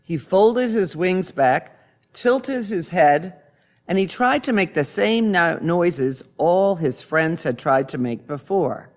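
A man reading a children's storybook aloud in a gentle, soft-spoken way. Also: high voice, lively intonation, slow pace.

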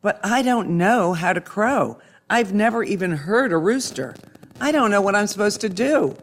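A man's voice: fairly high pitch, sing-song, a little slow. A man doing an anxious young rooster. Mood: worried. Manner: anxious, fretful. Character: young worried male rooster.

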